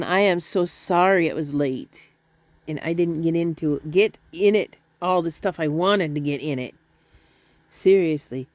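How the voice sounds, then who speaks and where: A woman's voice: low voice, darkish tone. A middle-aged woman talking to her viewers from home in a rambling, chatty, self-deprecating way. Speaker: vlogger. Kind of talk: casual chat to camera. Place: at home, indoors.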